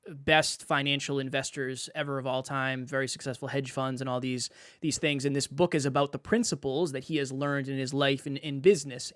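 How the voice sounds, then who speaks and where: A man co-hosting a podcast, talking in an animated way and repeating phrases as he makes his point. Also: on the high side, no room sound, studio quality. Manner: animated, uses sports analogies, repeats phrases. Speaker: podcast co-host. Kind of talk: casual podcast talk.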